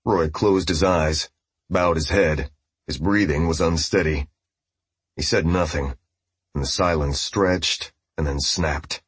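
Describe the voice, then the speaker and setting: A man narrating an audiobook with steady, grave storytelling. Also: extremely low pitch, slow pace, husky, no echo. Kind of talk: scripted narration.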